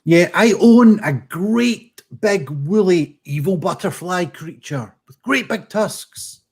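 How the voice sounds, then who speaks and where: Brief: Scottish man, husky, fairly high voice, self-mocking comic banter. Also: animated, takes it slowly, a little mellow. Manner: self-deprecating, laughing, swears freely. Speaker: pun contestant. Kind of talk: casual banter.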